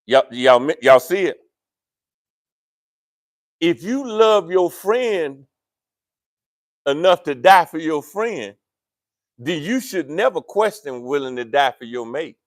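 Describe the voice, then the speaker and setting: A male pastor, preaching a sermon in a church with animated, playful asides to the congregation. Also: a little high, takes it slowly, long pauses, no echo, studio quality. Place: church sanctuary.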